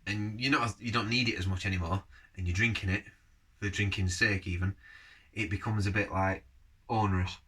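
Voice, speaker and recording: A man's voice: fairly low pitch, fairly even intonation, fairly quick, fairly bright tone, slightly rough. A man casually reviewing a beer on camera, rambling from one thought to the next and giving blunt verdicts. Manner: rambling, jumps between topics.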